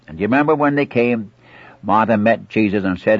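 A man's voice: fairly low pitch, animated, brisk, breathy edge, no room sound. A man preaching an earnest sermon, acting out scripture dialogue and pleading directly with his listeners. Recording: muffled old dry recording.

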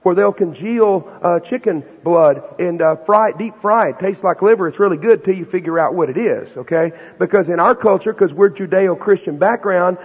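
A man preaching a sermon to students in a folksy, animated, slangy storytelling manner. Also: high voice, normal speed, hardly any pauses, husky. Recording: dull recording with long hall reverb.

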